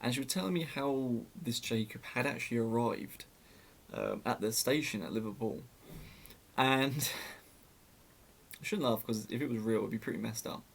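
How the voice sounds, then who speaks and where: A man's voice: medium pitch, moderate pace, creaky, pauses often. A young man telling a story in a casual, sarcastic way, often laughing at it.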